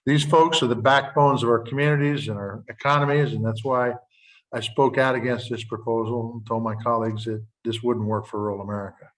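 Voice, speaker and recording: Folksy older senator on a video call. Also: male voice, mid-range voice, steady tone, brisk, a bit bright, far from the mic, low-quality recording. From Montana. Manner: earnest, folksy, plain-spoken.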